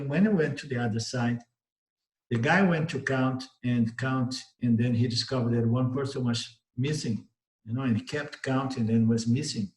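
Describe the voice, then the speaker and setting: Man teaching spiritual philosophy in a roomy space. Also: mid-range voice. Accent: Brazilian Portuguese. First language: Portuguese. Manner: storytelling, repeats and rephrases, acts out voices in the story. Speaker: Vedanta teacher. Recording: roomy echo.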